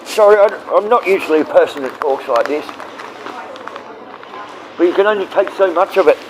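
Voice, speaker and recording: Man, Australian accent, high voice, blunt, rambling, swearing, live stream chat, faint background noise. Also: expressive, fairly quick, rough recording.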